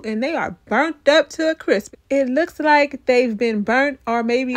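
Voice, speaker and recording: Sassy woman recapping an episode. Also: a little high. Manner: animated, sassy commentary.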